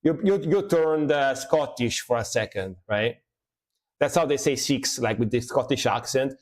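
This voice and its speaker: A music reaction streamer chats casually and live while reacting to metal. He has a mid-range voice at normal speed, laughs often, and keeps repeating phrases.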